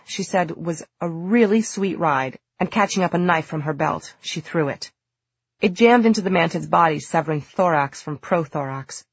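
A woman narrating an audiobook in a steady, measured storytelling manner. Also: deep voice, vocal fry, breathy edge, no room sound, muffled recording.

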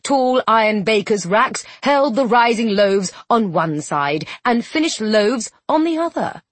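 A woman narrating a storybook with expressive, playful storytelling. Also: on the high side, a little slow, dry recording. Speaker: audiobook narrator. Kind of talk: scripted narration.

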